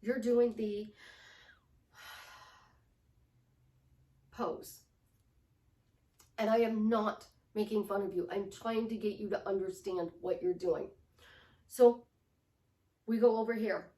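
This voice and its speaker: A middle-aged woman life coach giving a lively coaching talk, acting out affirmations in shifting tones. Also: mid-range voice, slow, long pauses. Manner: animated, acts out affirmations in different tones. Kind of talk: coaching monologue. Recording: roomy sound from a distant mic.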